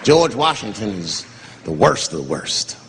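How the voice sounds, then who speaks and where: A man doing a stand-up comedy routine on stage, telling animated stories and jumping into loud, high voices for the people in them. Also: a little slow, gravelly, long reverb tail. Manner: animated storytelling with shouted, high put-on voices. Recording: live stand-up with noisy crowd ambience. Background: audience laughter.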